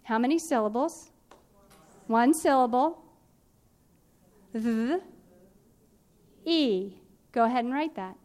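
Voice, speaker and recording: A woman teaching a phonics and spelling workshop, explaining in a clear, patient, instructive way. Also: on the high side, normal speed, a little mellow.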